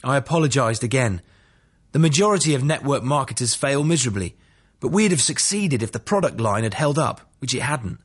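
Guy reading his own memoir, dry and matter-of-fact, mid pitch. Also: lively intonation, a little fast, slightly rough. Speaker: memoir narrator. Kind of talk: audiobook narration.

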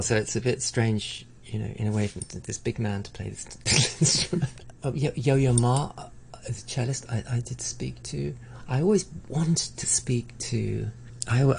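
A man's voice: mid-range voice, gravelly, darkish tone, a little hiss or hum. A middle-aged man in a conversational interview, talking reflectively with frequent restarts and stammered repeats. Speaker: interviewee, arts broadcaster.

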